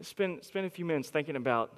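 High-voiced young male preacher, emphatic. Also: lively intonation, fairly quick. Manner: emphatic, repeats words, swings from quiet to loud. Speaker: pastor. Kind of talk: sermon.

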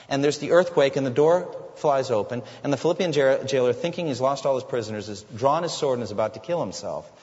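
A man preaching a sermon as a pastor, earnest, sometimes acting out the people in his stories. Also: darkish tone. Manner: earnest preaching, voicing quoted figures with rising pitch. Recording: lo-fi sound with long hall reverb.

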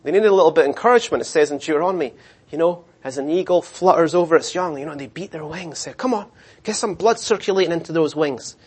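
A middle-aged man preaching a sermon, animated, acting out the voices of the people in his story. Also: on the high side, fast, husky. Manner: animated, acts out voices of complainers and God. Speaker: pastor.

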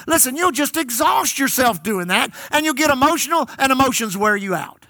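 A man's voice: very high voice, animated, a little fast, few pauses, sharp tone, no echo. A man in his fifties, a pastor preaching an emphatic sermon who repeats his key lines and calls out to the congregation.

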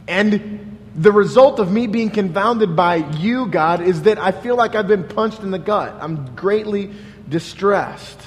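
A pastor preaching a sermon in an earnest, questioning way, often restarting with "like". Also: male voice, high voice, a little slow, long reverb tail.

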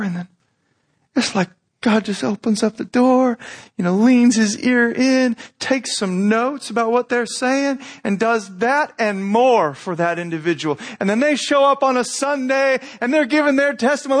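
A man with a high voice preaching a sermon. He talks conversationally, with asides and restarts, and acts out quoted voices with his pitch rising. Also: normal speed. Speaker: pastor.

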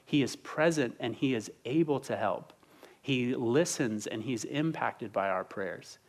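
Man in his thirties, pastor, conversational sermon, earnest, mid-pitched voice. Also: unhurried. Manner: earnest, conversational preaching with frequent restarts.

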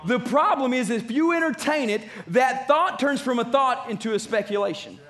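High-voiced emphatic male preacher. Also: normal speed, a bit bright. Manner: emphatic preaching with repeated phrases. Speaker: pastor. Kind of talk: sermon.

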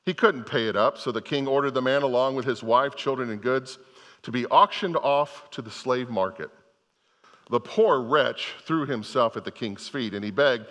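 Older pastor with a bright voice. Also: male voice, medium pitch, normal speed, long reverb tail. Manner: retells a parable in a storytelling voice, often restarting phrases. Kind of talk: sermon.

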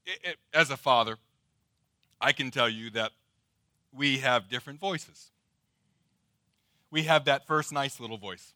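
A middle-aged man preaching a sermon, dramatic and swinging between loud emphasis and hushed, drawn-out words. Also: mid-range voice, no room sound, studio quality. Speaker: pastor.

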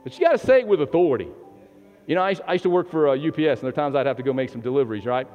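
A male pastor delivers an animated sermon with wide swings in pitch, laughing easily and calling for responses from the congregation. His voice carries a long church-hall reverb over a dull, lo-fi recording with faint music underneath. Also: very fast. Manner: animated, laughs often, swings from loud exhortation to hushed prayer. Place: church with live and online congregation.

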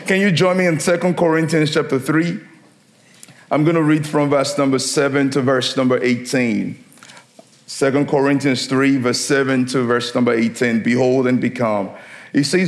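A middle-aged man preaches a lively sermon. He laughs easily, calls for amens, and reads scripture with steady conviction at an ordinary pitch. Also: normal speed. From Nigeria. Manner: upbeat, laughing often, preachy call-and-response. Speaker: guest preacher.

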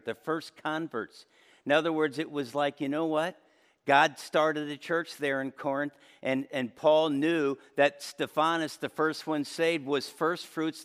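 Preacher guy giving a sermon, kinda high voice, gets fired up then goes soft and low. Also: smooth. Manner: impassioned preaching with wide swings between loud high peaks and low quiet passages. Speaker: pastor.

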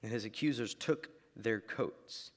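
A man in his thirties preaching a sermon, dropping to quiet lines and then building to shouts. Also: fairly low pitch, measured pace. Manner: dramatic, swings from quiet to shouting. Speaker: pastor. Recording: long reverb of a large hall.

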